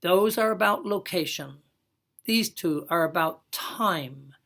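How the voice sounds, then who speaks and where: A woman's voice: on the low side, expressive, gravelly, a bit bright. A woman giving a recorded English lesson, explaining step by step and stretching out her example phrases. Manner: slow, careful explaining with drawn-out example words. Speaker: English teacher.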